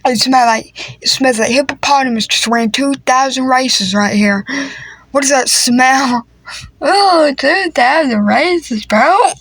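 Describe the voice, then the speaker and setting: A woman's voice: sits high, slow, fairly bright tone, slightly rough, no echo. A woman improvising a comedy family skit, talking in a playful, teasing, slangy way. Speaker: creator voicing a family skit.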